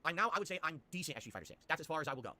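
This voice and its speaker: Brief: male streamer host, rapid-fire delivery, bright forceful tone, rambling and profane. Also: a little high, animated, no room sound. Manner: rambling, reads chat and shout-outs, swears. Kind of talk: casual livestream chat.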